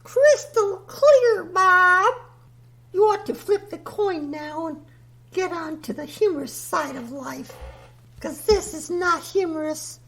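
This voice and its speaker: A man's voice: extremely high pitch, lively intonation, takes it slowly, bright, forceful tone, pitched above the performer's own voice, exaggerated voice. A man voicing Mother Nature as a grand, ancient female spirit who speaks in solemn, lofty pronouncements. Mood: lofty, grave. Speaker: podcast guest character.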